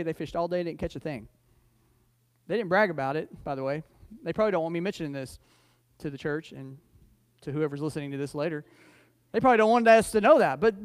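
A man's voice: sits high, a little mellow, no room sound. A male pastor preaching a conversational sermon in church. He jokes, tells stories, trips over and repeats his words, and builds to emphatic points. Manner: folksy and joking, restarts and repeats words, rising to emphatic points. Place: church sanctuary.

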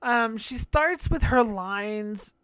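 A man's voice: sits high, animated, takes it slowly, a bit bright, clean tone, no echo. A man hosting a podcast, recapping a reality show in a brash, profane, gossipy way with frequent laughter. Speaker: podcast host.

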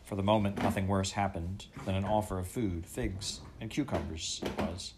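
A man narrating a children's story aloud in a measured storytelling manner. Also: low-pitched, steady tone, background noise. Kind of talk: audiobook reading.

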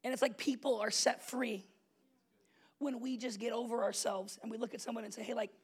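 A young adult man preaching a casual, story-driven sermon as pastor, animated and conversational, laughing often and checking in with the congregation. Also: very high voice, fairly quick, slightly rough. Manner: animated, conversational, laughs often, asks "you know what I'm saying?".

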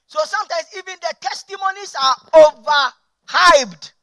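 High, bright-voiced emphatic male preacher. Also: animated, moderate pace, dry recording. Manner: emphatic, repeats key phrases for emphasis; rhetorical questions, blunt plain-spoken points. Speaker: senior pastor. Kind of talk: sermon.

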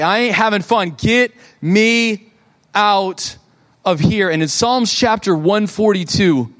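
A male pastor in his thirties preaching a sermon in a church, conversational and animated, acting out quoted voices. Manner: animated, conversational, acts out quotes with rising pitch.

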